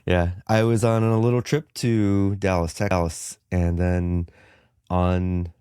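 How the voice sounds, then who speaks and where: A man chatting on a podcast while a little under the weather, his voice deep and mellow. He rambles along with plenty of fillers and restarts, recorded dry and close. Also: little pitch movement, slow pace, smooth, no echo. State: sick with a cough. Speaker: podcast co-host. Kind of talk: casual chat.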